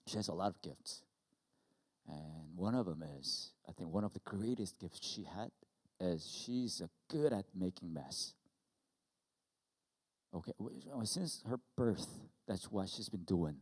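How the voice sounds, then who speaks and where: A middle-aged man preaching a sermon, who tells stories with animation and acts out scenes loudly. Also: deep voice, in a large hall. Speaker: pastor. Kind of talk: sermon with personal story.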